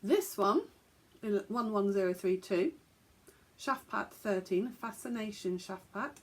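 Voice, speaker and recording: A woman's voice: mid-range voice, expressive, takes it slowly, long pauses. A woman hosting a podcast, chatting casually and joking at her own expense as she stumbles over foreign words. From England. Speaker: podcast host.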